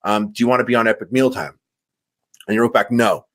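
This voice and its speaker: A man's voice: mid-range voice, fast talker. A man in casual podcast chat, telling stories at length and acting out what people said. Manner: animated storyteller, acts out quotes. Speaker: podcast guest.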